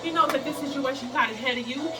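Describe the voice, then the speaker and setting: A woman's voice: high-pitched, very fast, heavy background noise. A woman talking in a motivational workout vlog, sassy and emphatic, sometimes out of breath while exercising. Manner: sassy, preachy, emphatic, laughs often. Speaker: plus-size fitness vlogger. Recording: distant mic with music behind.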